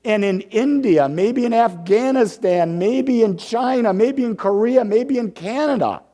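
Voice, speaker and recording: A man's voice: very high voice, unhurried, mellow. A minister in his fifties from the Detroit area gives a sermon, telling stories with playful asides and building his points through repetition. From Detroit area, USA.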